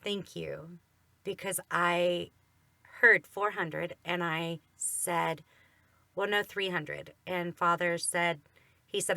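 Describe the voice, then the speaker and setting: A woman's voice: on the low side, slow pace, sharp tone, no echo. A woman co-hosting a faith podcast, telling a personal story in an earnest, emphatic way. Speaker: podcast co-host.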